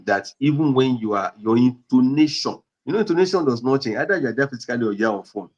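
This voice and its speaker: A man's voice: medium pitch, expressive, fast talker, a little mellow, dull audio. A man with a Nigerian accent giving earnest marriage counseling advice, repeating points and acting out example dialogues.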